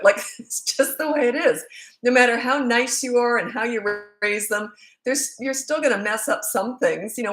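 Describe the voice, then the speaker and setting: A woman's voice: fairly high pitch, expressive, brisk, a bit bright. Blunt joking woman in an echoey room. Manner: blunt, joking, rambling with asides. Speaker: parenting coach. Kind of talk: casual Q&A monologue. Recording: roomy echo.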